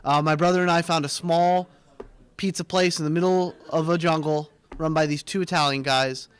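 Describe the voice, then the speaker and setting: A young man hosting a casual live student TV segment, joking and mock-pompous with quick asides. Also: on the high side, fairly even intonation, smooth. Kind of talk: casual live-stream banter. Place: small studio room.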